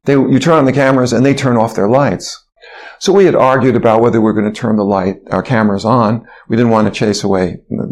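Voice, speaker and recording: An older man, a physician guest in an interview, telling a long story in a lively way, sometimes singing and quoting others. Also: fairly low pitch, gravelly. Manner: animated storyteller who sings and quotes others.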